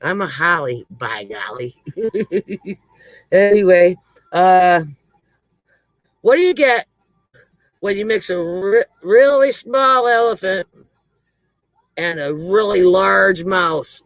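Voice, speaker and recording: A man's voice: high-pitched, expressive, takes it slowly, pauses often, a bit bright, no echo, rough recording. A man hosting a comedy livestream, telling corny jokes to his chat, laughing at them and poking fun at himself. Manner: laughs at his own jokes, self-deprecating. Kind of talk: telling one-liner jokes to a live chat.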